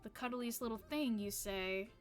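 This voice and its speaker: A woman doing a gruff, curt village woman. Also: a little high, expressive, moderate pace, soft background music, natural voice. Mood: dry. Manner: curt, dry and grumbling. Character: gruff, sharp-tongued young village woman.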